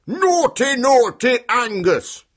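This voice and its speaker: Man playing a loud, high scolding giant chief for a kids' story. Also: sing-song, slow pace, exaggerated voice.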